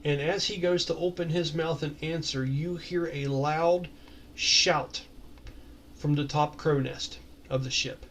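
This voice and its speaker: A man narrating as game master of a tabletop game, descriptive and relaxed, with casual swearing. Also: on the high side, unhurried, slight background noise.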